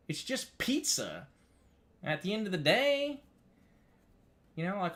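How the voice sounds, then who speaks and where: This upstate New York man talks to his chat at a normal speed, very animated, rambling and cursing freely. He keeps restarting sentences and saying "dude," and his voice gets high and loud once he's worked up.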